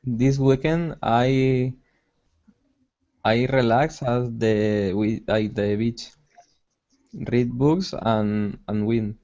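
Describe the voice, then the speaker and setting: Male student, halting, repeats words, slow, lo-fi call sound. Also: medium pitch, fairly even intonation, warm tone. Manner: hesitant, halting, repeats himself.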